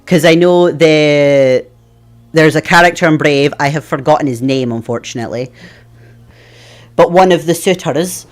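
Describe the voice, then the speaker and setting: A Scottish man with a slightly high voice chats casually while streaming a game. He rambles from one thought to the next, restarting sentences and answering his viewers with easy laughs. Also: normal speed. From Scotland. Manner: rambling and chatty, laughs often, answers chat. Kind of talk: casual live-stream chat.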